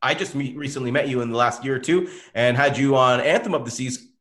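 A man's voice: mid-range voice, quick pace, a bit bright. A man co-hosting a podcast, chatting casually and friendly, affirming the guest. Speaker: podcast co-host. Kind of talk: casual interview chat.

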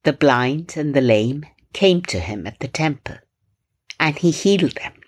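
A woman from India with a very low, breathy voice leads a guided Christian meditation. She speaks slowly and calmly, in a gently instructive way. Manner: calm, slow, gently instructive. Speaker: meditation podcast host.

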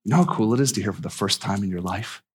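A man's voice: lowish voice, fast, husky. A male missionary preacher giving a conversational, emphatic sermon with repeated phrases.

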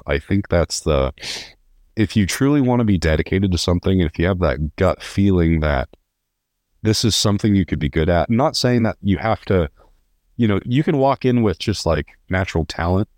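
A man's voice: low-pitched, darkish tone, no echo, clean studio sound. A young man from California, a podcast guest telling stories in an earnest, rambling way with many restarts. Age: young adult. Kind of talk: casual interview.

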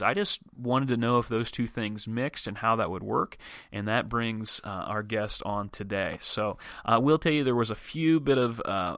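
Low-voiced man telling a hunting story. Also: bright, forceful tone, no echo, clean studio sound. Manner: chatty, acts out his own thoughts in quotes, frequent restarts. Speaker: podcast host. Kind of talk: casual storytelling and show intro. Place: home or office.

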